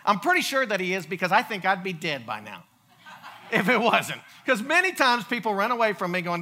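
A male preacher with a high, bright, very lively voice that swoops up and down as he tells stories. He jokes, acts out small scenes and often stammers into restarts before pressing on. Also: a little fast. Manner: animated, joking, with frequent stammered restarts. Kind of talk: humorous storytelling sermon.

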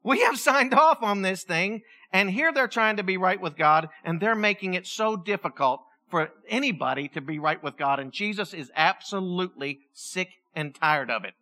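A woman pastor preaching a sermon in church in a lively, joking way, acting out voices as she tells the story. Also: fairly low pitch, normal speed, few pauses. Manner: animated, joking, acts out voices.

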